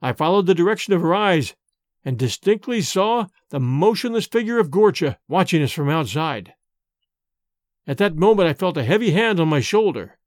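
Expressive male storyteller, dry close sound. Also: sits high, normal speed, no room sound. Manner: expressive, theatrical reading. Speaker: narrator. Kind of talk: audiobook storytelling.

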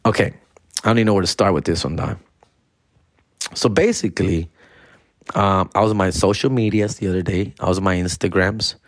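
A man's voice: low voice, fairly even intonation, fairly quick, long pauses, no room sound, studio quality. A man telling stories in a casual monologue, full of swearing and street slang. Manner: profane slangy banter. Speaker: storyteller host.

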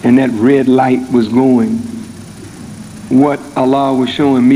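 A male minister preaching a sermon, his voice building to high, emphatic peaks. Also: little pitch movement, takes it slowly, long pauses, dark tone. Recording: archive sermon in reverberant hall, faint noise.

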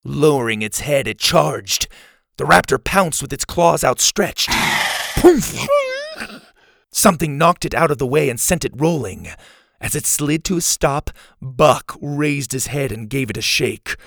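Gravelly man narrating a storybook. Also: medium pitch, normal speed, dry recording, studio quality. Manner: dramatic, expressive reading.

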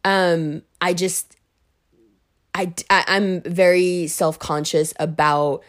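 A woman's voice: lowish voice, slow pace. Blunt, foul-mouthed woman rambling to viewers. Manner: profane, blunt and animated. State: recovering from flu, voice a bit off. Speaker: astrology content creator. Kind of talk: casual rambling monologue to viewers.

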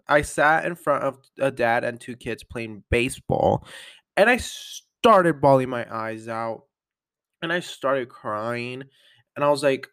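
A man's voice: mid-range voice, fairly bright tone, clean tone, dry recording, studio quality. A man vlogging a casual catch-up, chatty and upbeat, rambling with lots of fillers and little laughs. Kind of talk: casual catch-up vlog chat.

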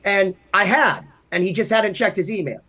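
A man's voice: high voice, animated, normal speed, pushed and bright. A man from Massachusetts, a podcast co-host, telling rambling, self-deprecating anecdotes in casual chat. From Massachusetts, USA.

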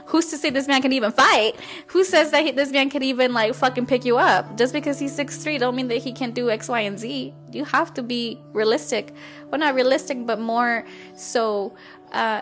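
A woman hosting a podcast, telling a story in a casual monologue. She is candid and blunt, swears freely, and tells it with animated energy. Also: fairly high pitch. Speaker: podcast host.

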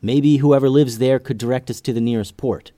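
A man's voice: mid-range voice, fairly even intonation, brisk, mellow, no room sound, pitched above the performer's own voice, close to an everyday voice. A man voicing a young female ninja in a children's story, with a hesitant, unsure manner. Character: young woman ninja, alert scout.

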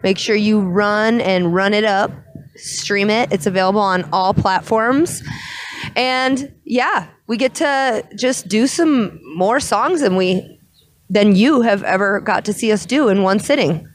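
A woman from a rock band answering interview questions, enthusiastic and talking in quick bursts. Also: mid-range voice. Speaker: band singer. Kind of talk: casual interview.

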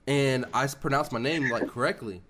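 A man with a Midwestern US accent co-hosting a casual podcast and telling stories at a quick clip. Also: mid-range voice, noisy background. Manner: rapid storyteller. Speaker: podcast co-host. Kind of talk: casual chat.

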